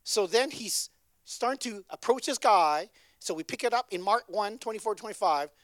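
A woman's voice: medium pitch, lively intonation, normal speed, no room sound, studio quality. A woman preaching a sermon in a conversational way, often checking in with her listeners. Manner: conversational, keeps asking "right?".

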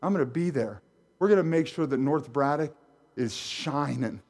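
A middle-aged man preaching a sermon as pastor, animated and jokey, talking straight to his congregation in a church. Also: fairly high pitch, normal speed. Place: church sanctuary.

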